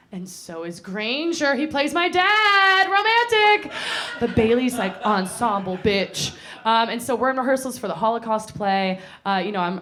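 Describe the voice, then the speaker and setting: Young woman from North Carolina, live comedic storyteller on a small stage; chatty, self-mocking, mid-range voice. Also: medium pitch. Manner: chatty and self-mocking, laughing at her own jokes. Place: small theater stage before a live audience.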